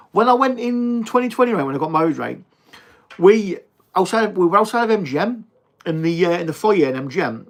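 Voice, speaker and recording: Chatty Teesside bloke on a livestream. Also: male voice, high voice. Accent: Teesside English. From England. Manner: chatty, blokey, swears and says mate often. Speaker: livestream host. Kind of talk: casual livestream chat reading viewer comments.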